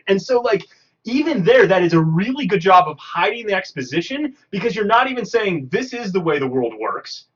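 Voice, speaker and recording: Man, casual film commentary co-host, chatty, halting restarts, fairly high voice, muffled lo-fi audio. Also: sing-song, breathy edge. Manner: chatty, halting restarts, quick agreeing interjections. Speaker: podcast co-host.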